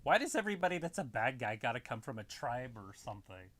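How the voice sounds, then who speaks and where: A man's voice: mid-range voice, very animated, fast talker, a bit bright, a little hiss or hum. A man co-hosting a casual live stream, making laid-back, wry remarks with short laughs. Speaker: co-host of a live wrestling watch-along stream.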